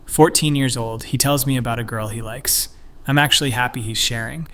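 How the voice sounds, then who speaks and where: Man reading a story, even and measured. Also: mid-range voice. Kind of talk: scripted narration of an online story.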